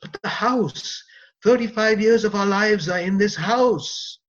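A woman's voice: mid-range voice, measured pace, close to an everyday voice. A man voicing a tearful older mother who does not want to leave her home, in a dull lo-fi recording. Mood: upset.

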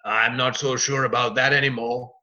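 A man's voice: mid-range voice, flat delivery, moderate pace, pushed and bright. A man voicing an elderly father who worries about his house and tool shed, in a dull lo-fi recording. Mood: worried.

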